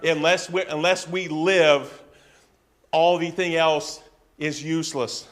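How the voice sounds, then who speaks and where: A worried woman pleads earnestly for her family's lives, acted out by a male preacher in his own voice. The delivery is slow and slightly raised, as in a retold scripture story. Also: fairly high pitch, fairly even intonation, fairly bright tone, pitched above the performer's own voice. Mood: earnest pleading.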